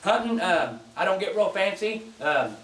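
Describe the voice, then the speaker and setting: Man, high register, easygoing folksy teaching manner, recorded from a distance in a roomy space. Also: normal speed, slight background noise. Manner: relaxed, folksy, repeats and restarts phrases. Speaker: goose call instructor. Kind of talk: casual spoken demonstration. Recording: distant mic in an echoey space, faint clicking.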